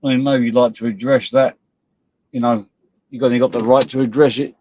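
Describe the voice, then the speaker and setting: A man rants on his live stream, blunt and scornful, with plenty of swearing. His voice sits at an ordinary middle pitch. The audio is dull and lo-fi. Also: flat delivery, brisk, a little mellow. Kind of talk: ranting live-stream commentary.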